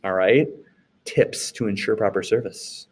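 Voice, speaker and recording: A man's voice: lowish voice, unhurried, husky. A man from the United States teaching a class in a casual, conversational way, often asking rhetorical questions and checking in with "okay?". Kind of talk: recorded classroom lecture recap.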